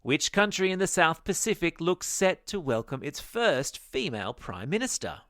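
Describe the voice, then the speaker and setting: A man's voice: on the high side, big pitch swings, moderate pace, fairly bright tone. A man with an Australian accent hosting a children's news podcast in an upbeat, playful way. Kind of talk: kids' news podcast presenting.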